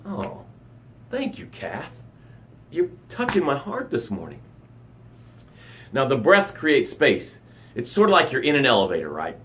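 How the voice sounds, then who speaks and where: A middle-aged life coach broadcasts live to his camera with a dramatic, animated motivational talk full of acted-out sounds and gasps. His mid-range voice is unhurried with long pauses, over slight background noise.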